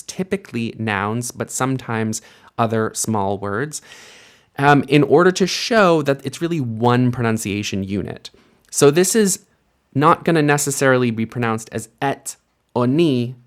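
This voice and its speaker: A man teaching a recorded grammar lesson, explaining patiently and sounding out example words with careful stress. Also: medium pitch. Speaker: Hebrew teacher.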